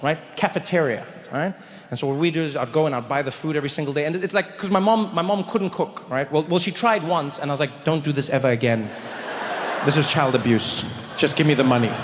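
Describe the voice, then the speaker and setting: A man telling a stand-up story on a live stage, acting out characters with sudden high shouts. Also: in a large hall. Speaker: stand-up comedian. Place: live comedy stage before an audience.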